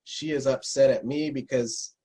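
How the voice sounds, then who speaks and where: A man telling lively anecdotes in a casual interview, slipping into imitations of the people he met. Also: mid-range voice, normal speed, breathy edge. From North America. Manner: animated anecdotes, mimics Spanish speakers. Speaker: interview guest. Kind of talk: storytelling in casual conversation.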